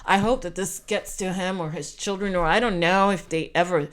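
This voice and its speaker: Heartfelt Canadian woman, slightly low voice. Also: fairly even intonation, normal speed. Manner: emotional, repetitive, heartfelt. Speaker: vlogger. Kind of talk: storytime monologue.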